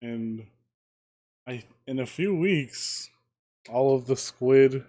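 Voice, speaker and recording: A young man co-hosting a casual podcast chat, speaking haltingly and trailing off. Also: mid-range voice, dark tone. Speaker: podcast co-host.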